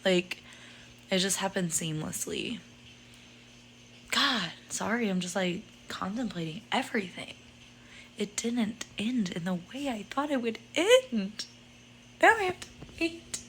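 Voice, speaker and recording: Slow-talking excitable woman vlogger. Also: medium pitch, slight background noise, poor audio. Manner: excitable, giggly, drifts to whispers. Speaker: book vlogger. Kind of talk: casual vlog reading diary.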